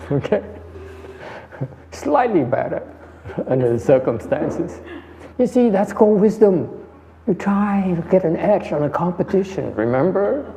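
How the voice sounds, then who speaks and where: Guy teaching meditation, mellow voice, long hall echo. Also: high voice, big pitch swings, a little slow, creaky, pauses often, a little hiss or hum. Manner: conversational, repeats phrases, answers questions. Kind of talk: dharma lecture. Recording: muffled hall recording.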